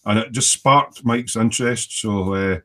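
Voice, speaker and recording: A man's voice: fairly low pitch, measured pace, bright, forceful tone. A man hosting a casual model-making hangout over a video call, teasing his friends and reading out viewer comments.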